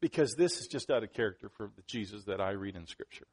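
Talking fast with lively intonation and a slightly rough voice, a male pastor gives a conversational sermon. He restarts sentences and throws asides to his congregation, getting louder and higher-pitched on the points he stresses.

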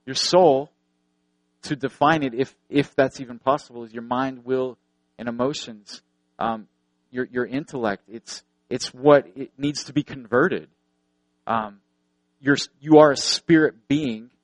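An earnest male preacher delivering a sermon, leaning on repeated phrases to drive points home and slipping into storytelling. His voice sits at an ordinary middle pitch and sounds dry and close, with no room echo. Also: unhurried. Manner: earnest, repeats phrases for emphasis, tells anecdotes.

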